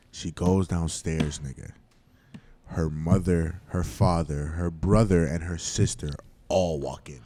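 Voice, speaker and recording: A man casually telling a long, animated story to friends on a podcast, swearing often and acting out the quotes. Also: low voice, normal speed. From Florida. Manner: animated, slangy, swears a lot, acts out quotes. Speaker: podcast host.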